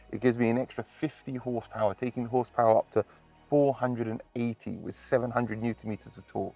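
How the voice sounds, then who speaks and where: A man's voice: on the low side, vocal fry, a little mellow, no room sound. A man reviewing a car from inside it, talking enthusiastically and full of praise. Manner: gushing, superlative-heavy.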